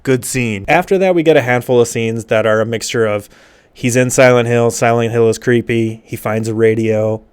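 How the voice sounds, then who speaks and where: A man with a smooth, resonant voice at a middle pitch, dryly summarizing a film scene by scene. His delivery is sarcastic and deadpan, with quick mock impressions of the characters. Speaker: movie reviewer. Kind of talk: comedic movie plot recap.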